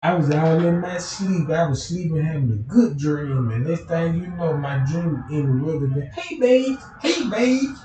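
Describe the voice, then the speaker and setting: A man's voice: a little high, normal speed, few pauses, dark tone. A man telling a rambling comic story, profane and full of slang, often asking his listeners whether they follow him. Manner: profane, slang-heavy, repeats filler questions. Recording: roomy, from far off the mic, faint background noise.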